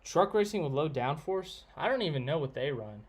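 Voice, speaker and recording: A man's voice: a little high, animated, fairly quick, breathy edge. A man chatting casually on a live stream, answering viewers and giving blunt opinions in a rambling way. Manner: rambling, opinionated, reads out chat names.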